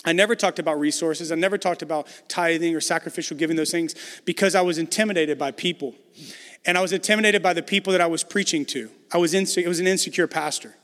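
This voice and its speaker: A man's voice: a little high, fast, fairly bright tone, in a large hall. A man preaching a conversational sermon as pastor, building emphasis through repetition.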